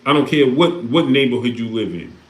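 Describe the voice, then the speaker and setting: A man's voice: mid-range voice, brisk. A man hosting a livestream, talking casually and preaching with repeated rhetorical questions. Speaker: live stream host reading Super Chats. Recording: echoey room.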